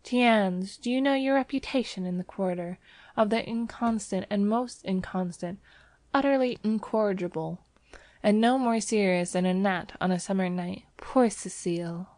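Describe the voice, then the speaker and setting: A woman's voice: medium pitch, normal speed, darkish tone, no echo, natural voice. A woman voicing a teasing young Parisian woman. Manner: teasing, lightly sarcastic.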